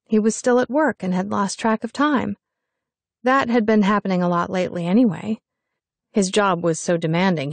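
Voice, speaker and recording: A young woman narrating a first-person story in an expressive, wry reading style. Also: on the low side, dry recording. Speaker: audiobook narrator.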